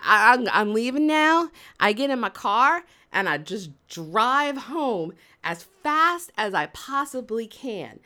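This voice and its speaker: A woman with a high voice tells a comic story. She is animated and dramatic and acts out her own panic in a lively retelling.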